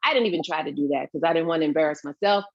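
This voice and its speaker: A woman from Brooklyn, New York, a guest actress chatting in an interview, telling lively stories and acting out the voices she quotes. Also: low voice, racing, no echo, muffled recording. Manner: animated storyteller, acts out quoted voices. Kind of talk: casual interview chat.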